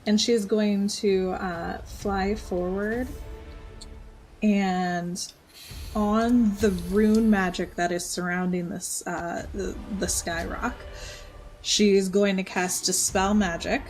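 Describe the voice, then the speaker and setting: A woman's voice: medium pitch, fairly even intonation, slow pace, darkish tone, soft background music, low-quality recording. A woman describing her character's actions as a player in a tabletop game, matter-of-fact.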